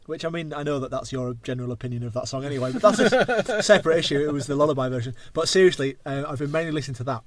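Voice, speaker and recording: A man's voice: on the high side, animated, very fast, hardly any pauses, no room sound. An English man in his thirties hosting a casual podcast chat, rambling and going off on tangents, swearing freely. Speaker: podcast host.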